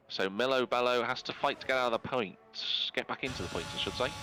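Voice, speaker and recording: A man giving live play-by-play commentary on a sim racing league, brisk and rising in pitch when incidents happen. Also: sharp tone, slight background noise, poor audio. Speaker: race commentator. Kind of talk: live esports race commentary.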